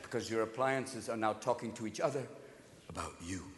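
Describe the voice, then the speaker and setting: A man performing a stand-up comedy set, manic and rapid-fire, often shouting. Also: lowish voice. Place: large live venue. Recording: live concert hall with audience. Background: audience noise.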